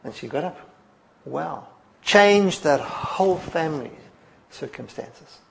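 A man with a high-pitched voice preaches a morning sermon. He retells the stories with lively expression, sinking to hushed lines and then climbing to emphatic ones. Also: takes it slowly, gravelly, slight background noise. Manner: expressive storytelling, dropping soft then rising emphatic.

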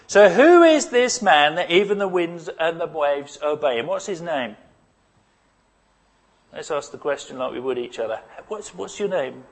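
Male pastor, fairly high voice, dramatic sermon delivery with sudden loud and soft swings. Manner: dramatic, swings from loud cries to hushed asides.

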